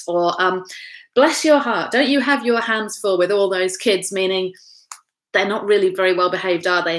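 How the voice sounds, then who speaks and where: A woman from England, a pastor leading an informal Bible study from home, chatty, with frequent tag questions, fillers and restarts. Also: on the low side.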